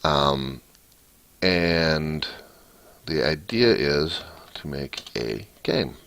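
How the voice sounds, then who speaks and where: A man with an extremely low, gravelly voice talks through code in a casual walkthrough. He speaks slowly and thinks aloud, reading out each line as he types. He rambles and restarts often. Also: animated, fairly bright tone. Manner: thinks aloud, reads code out while typing. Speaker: hobbyist programmer.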